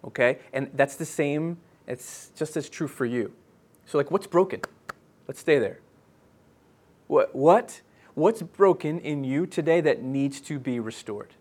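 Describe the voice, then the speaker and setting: Earnest halting male pastor preaching. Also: a little high, a little mellow. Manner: halting, earnest, many restarts and fillers. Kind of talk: sermon.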